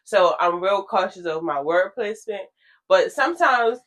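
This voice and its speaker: A woman's voice: mid-range voice, lively intonation, moderate pace, a bit bright. A woman co-hosting a podcast in casual chat, talking frankly about herself and laughing often. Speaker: podcast co-host.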